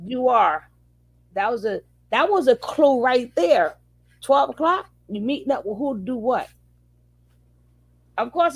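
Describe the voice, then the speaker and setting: A woman's voice: on the high side, gravelly, husky. A woman hosting a reaction video, giving wry, teasing commentary and laughing at her own jokes.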